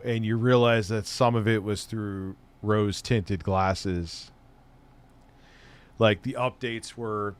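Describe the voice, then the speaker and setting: A middle-aged man hosting a live stream, chatting loosely and rambling, with casual swearing. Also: lowish voice. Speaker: streamer host.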